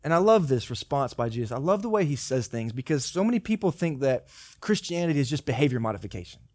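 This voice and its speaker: A man's voice: medium pitch, big pitch swings, fast, a little mellow, dry recording, studio quality. A man, a pastor giving a casual sermon full of joking asides and acted-out dialogue. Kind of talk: conversational sermon.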